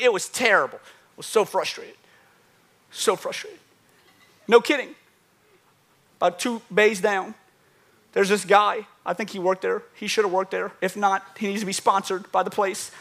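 A pastor delivers a sermon in a high, bright voice. He tells animated stories and hammers his points home by repeating key phrases. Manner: animated storytelling preacher, repeats phrases for emphasis.

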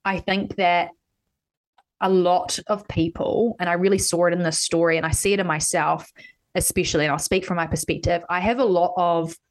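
Her voice is fairly low with fairly even intonation and a moderate pace. Hosting a casual podcast, she talks candidly about personal stories and swears without restraint.

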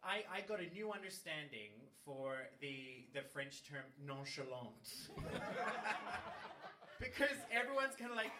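A man's voice: on the high side, a little slow, noisy background. A man telling a long, funny anecdote in casual chat, swearing freely and laughing as he goes. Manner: animated, swears freely, laughs mid-story. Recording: roomy sound from a distant mic.

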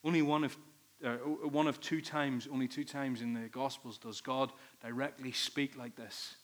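A man's voice: mid-range voice, fairly even intonation, normal speed. A man preaching a sermon, earnest and emphatic, leaning on repeated phrases. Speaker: pastor.

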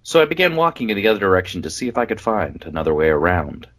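A man's voice: low-pitched, sing-song, quick pace, fairly bright tone. A man co-hosting a podcast, reading a story aloud expressively. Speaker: podcast co-host, reader.

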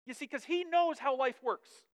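A woman preacher giving a conversational sermon, lively and chatty, often checking in with her listeners. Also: high voice, moderate pace.

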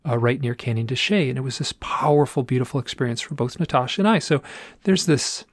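A man's voice: mid-range voice, animated, fast talker, no room sound, studio quality. A man telling a personal story in a casual, rambling way, with restarts and repeated phrases. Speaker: guest telling an experience.

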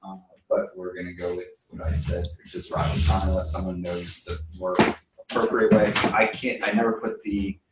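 A man with a lowish voice leads a Bible study class, chatting loosely and stopping often for an um or a restart. He is picked up from across a very echoey room, with faint noise behind. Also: level tone, moderate pace, recorded from a distance. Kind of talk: casual class teaching. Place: room with a group, also streamed online.

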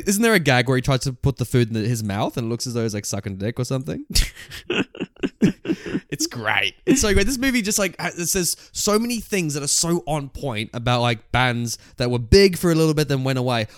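Lively, animated man laughing his way through. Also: medium pitch, no echo, studio quality. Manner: animated, laughs often, swears casually. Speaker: podcast co-host. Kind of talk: casual film chat.

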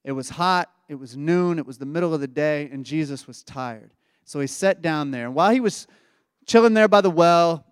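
A man's voice: fairly high pitch, clean tone, no room sound, clean studio sound. A man preaching a sermon as pastor, retelling a scripture story in casual everyday words. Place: church.

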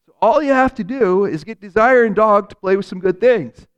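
A man voicing a calm, patient teacher who gives steady instructions. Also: sits high, normal speed, clear, resonant tone, highs cut off, pitched above the performer's own voice, close to an everyday voice. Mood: instructing. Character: a calm, patient male teacher guiding the will.

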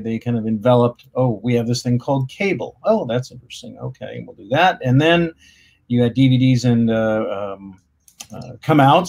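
A man's voice: mid-range voice, darkish tone. A man guest on a podcast, explaining things casually with hesitant restarts. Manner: explanatory, many fillers and restarts.

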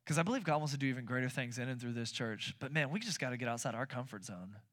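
A man in his thirties preaching a sermon as pastor, telling stories animatedly, acting out his own quotes and repeating words when excited. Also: medium pitch, quick pace. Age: 30s.

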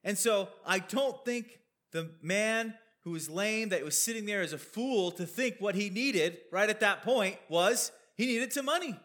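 A man's voice: sits high, measured pace, a bit bright. A man preaching a sermon, explaining a Bible passage over slides in a conversational way, with questions and asides.

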